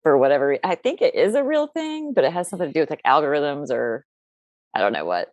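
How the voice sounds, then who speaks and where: A woman's voice: sits low, sing-song, quick pace, a little mellow, no room sound, lo-fi sound. A woman from the United States chatting casually as a podcast guest, rambling with frequent restarts and self-corrections.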